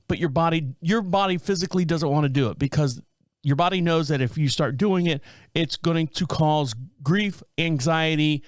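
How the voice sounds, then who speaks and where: Rambling middle-aged podcast host. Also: male voice, fairly high pitch, no echo, clean studio sound. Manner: rambling, full of fillers and restarts, self-described scatterbrained. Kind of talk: casual monologue.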